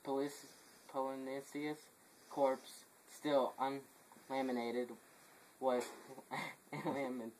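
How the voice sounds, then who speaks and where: A man's voice: medium pitch, level tone, slow, a little mellow, a little hiss or hum, close to an everyday voice, rough recording. A man playing a messenger in an amateur play, reading his long report with stumbles, restarts and stifled laughs. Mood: grim. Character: messenger reporting deaths to the royal house.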